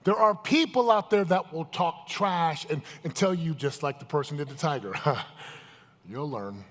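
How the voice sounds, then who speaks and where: A man with a fairly high voice and moderate pace gives a motivational seminar in a big event hall packed with a live audience. Emphatic, he questions the crowd head-on, and the live recording carries the hall's echo.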